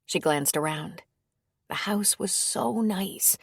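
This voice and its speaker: Gravelly-voiced woman narrating. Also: medium pitch, slow pace, no echo, clean studio sound. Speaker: audiobook narrator. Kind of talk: scripted narration.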